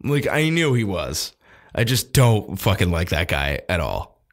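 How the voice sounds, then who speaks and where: A man's voice: low voice, very animated, measured pace. A man co-hosting a podcast, casually chatting about films, laughing often and swearing freely. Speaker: podcast co-host. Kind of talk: casual film review chat.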